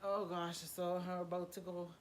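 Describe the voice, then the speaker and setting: Jamaican mom rambling on a vlog, deep-ish voice, kitchen noise behind. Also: female voice, normal speed. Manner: relaxed, rambling talk with soft laughs. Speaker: vlogger and mother. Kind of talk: casual vlog chat. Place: home kitchen, indoors. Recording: echoey room with background noise.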